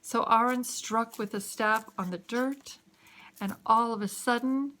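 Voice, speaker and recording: A woman telling a children's story in an expressive way, with sound effects. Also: fairly high pitch, measured pace, a little hiss or hum. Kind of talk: animated children's story narration.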